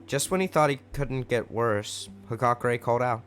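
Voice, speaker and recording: A man's voice: medium pitch, moderate pace, a bit bright, soft background music. A man narrating a fanfic story aloud in a casual way with wry asides.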